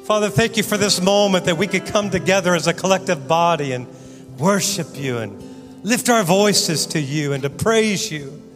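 A man preaching a sermon in a church, swinging from loud exhortation to soft, quiet prayer. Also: sits high, normal speed. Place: church sanctuary. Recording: church hall reverb with guitar music.

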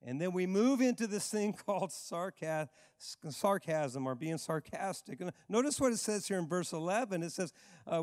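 A male pastor preaching a sermon in an emphatic way, repeating phrases and dropping low for stress. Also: animated, a little slow, no room sound, studio quality, big-room sound.

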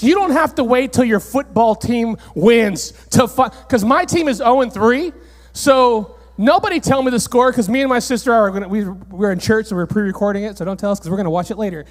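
A male pastor preaching a sermon in a church, animated and rising to near-shouts on key points. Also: sits high. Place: church sanctuary, on stage. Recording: church hall reverb.

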